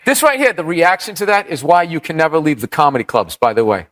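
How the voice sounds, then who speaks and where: Male comic, casual chat, swears a lot, rambles, voice sits a bit high. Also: expressive, fast talker, fairly bright tone. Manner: profane, rambling storyteller with quoted voices. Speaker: comedian. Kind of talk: casual storytelling on a podcast.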